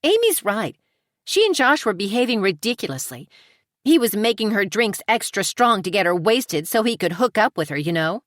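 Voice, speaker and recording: A woman narrator voicing an excitable, indignant young bride in an audiobook, with a high, emphatic and loud delivery. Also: moderate pace, dry recording, clean studio sound, natural voice. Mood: gossiping.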